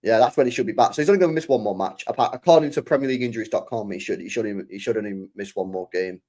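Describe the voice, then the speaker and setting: A man's voice: lowish voice, very fast, dark tone. A young man talking casually on a live stream as a football fan, passionate, swearing and repeating his points.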